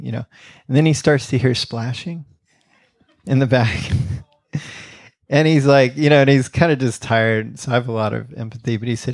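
A man preaching a conversational sermon, telling a story in a relaxed way with many fillers, then leading a closing prayer. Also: medium pitch, moderate pace, no room sound, studio quality. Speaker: pastor.

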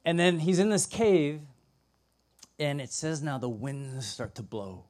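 A young man preaching a sermon, telling stories with lively acted-out voices and sudden drops to a hushed tone. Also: on the high side, unhurried. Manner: animated storytelling, acts out voices, drops to a hush. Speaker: pastor.

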